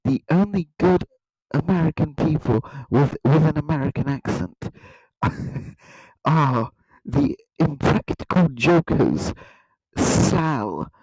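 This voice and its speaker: Man, satirical countdown, deadpan, husky, very lively pitch. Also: no room sound, low-quality recording. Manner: mock-earnest, rambling, deadpan. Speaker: comedy YouTuber.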